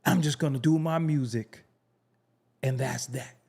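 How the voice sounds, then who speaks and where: A man hosting his own commentary channel, talking in an emphatic, profane, conversational way, repeating phrases for effect and dropping low for serious asides. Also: unhurried, creaky, a little mellow. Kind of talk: opinionated commentary.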